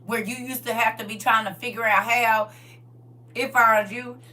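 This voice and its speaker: A woman delivers a casual sermon, calling out to her listeners and coaxing answers from them. Her voice is bright and fairly high, and it reaches the mic from some distance away. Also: steady tone, moderate pace. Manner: conversational, call-and-response with congregation. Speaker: preacher. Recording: voice from far off the mic.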